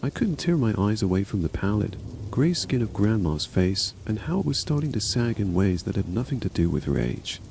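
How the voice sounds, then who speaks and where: A man's voice: lowish voice, very animated, moderate pace, vocal fry, a little mellow, a little hiss or hum, low-quality recording. A man narrating a horror story as a scripted reading, voicing every character himself.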